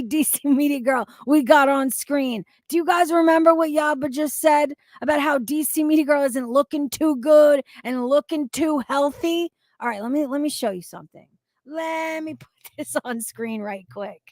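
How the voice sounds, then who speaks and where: A high-pitched woman delivers a profane reaction rant with slow, drawn-out emphasis, swinging between outrage and laughter. The sound is dry and close, with no room around it. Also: no echo. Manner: indignant, swears heavily, bursts into shouting and laughter. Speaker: commentary YouTuber reacting to clips.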